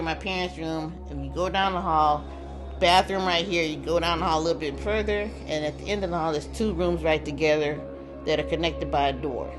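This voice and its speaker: A middle-aged woman from St. Louis telling a personal ghost story in a casual, conversational way, with restarts and pointing out places as she goes. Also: sits low. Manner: conversational, restarts and describes with gestures. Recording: music underneath.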